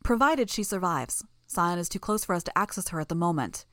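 A woman voicing a composed, authoritative female leader who speaks in a measured, firm way. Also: on the low side, expressive, fairly bright tone, no echo, studio quality. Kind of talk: audiobook character voice.

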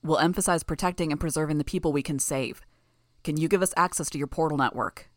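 A woman voicing a calm, diplomatic male hero leader. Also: sits low, fast, no room sound, studio quality, lightly acted. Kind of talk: audiobook character voice.

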